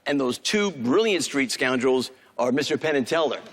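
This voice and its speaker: Fast-joking New street magician. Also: male voice, mid-range voice, animated, very noisy. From New York City. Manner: fast, joking showman patter with self-corrections. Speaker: magician performing on stage. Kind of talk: comic stage patter. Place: TV studio stage with live audience. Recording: live TV stage with music and audience.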